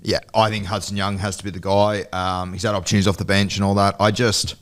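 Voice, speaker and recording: A man's voice: low voice, little pitch movement, fast talker. A man with an Australian accent co-hosting a sports podcast, earnest and opinionated in casual chat. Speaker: podcast co-host.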